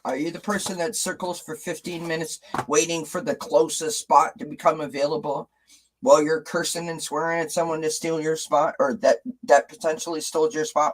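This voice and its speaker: A man's voice: on the high side, flat delivery, a little fast, low-quality recording. A man hosting a casual live stream, chatting with viewers, reading out their comments and asking them rhetorical questions, often restarting his sentences.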